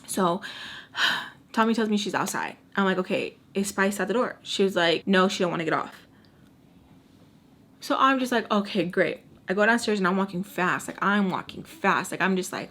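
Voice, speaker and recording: A young woman in her twenties tells a personal story to the camera in a casual, dramatic way. Her voice sits in an ordinary middle pitch, and she acts out what she said back then and repeats lines for emphasis. A faint hiss runs under the recording. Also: brisk, fairly bright tone. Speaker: storytime vlogger.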